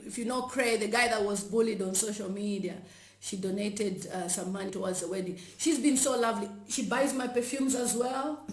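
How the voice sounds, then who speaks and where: A woman's voice: mid-range voice, fairly even intonation, moderate pace. A woman from Zambia hosting her own video channel, upbeat and giggly. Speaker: YouTuber host. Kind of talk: casual vlog chat. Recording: echoey room, faint noise.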